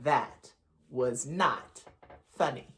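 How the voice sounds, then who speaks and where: A bookish worm puppet on a children's show, played by a woman, with a mid-pitched voice that rises and falls widely. It drawls every word very slowly. Its delivery is dry and deadpan. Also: slight background noise, heavily acted. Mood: unimpressed.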